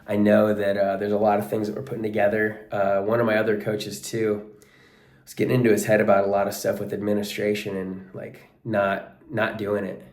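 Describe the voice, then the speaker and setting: A man with a lowish voice talks to the camera in a relaxed, earnest vlog ramble, dropping "like" and "bro" often. He has just worked out and is sweaty. The sound bounces around an echoey room. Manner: casual, peppered with "like" and "bro", earnest. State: sweaty after a workout. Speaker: wrestling coach and life coach. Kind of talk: casual vlog monologue.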